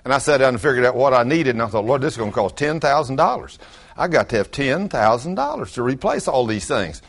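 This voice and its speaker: Folksy older preacher telling a story. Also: male voice, medium pitch, fast. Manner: animated storyteller, acts out quotes loudly.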